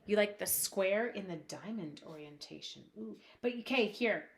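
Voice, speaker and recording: A woman's voice: mid-range voice, animated, moderate pace, creaky, noisy background. A woman chatting casually while demonstrating crafts at her home desk on a live stream, reading out viewers' comments and talking to her supplies.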